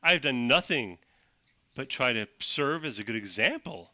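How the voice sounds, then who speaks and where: A man's voice: medium pitch, lively intonation, a little slow, bright, forceful tone, no echo, full character voice. A man voicing a self-righteous male town enforcer who lectures in a pompous, preachy way. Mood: smug.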